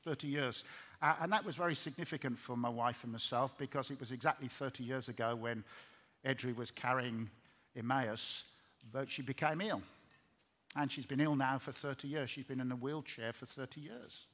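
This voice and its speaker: A man's voice: mid-range voice, normal speed, a bit bright. A middle-aged man preaching a sermon in earnest, repeating words as he builds up. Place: large hall.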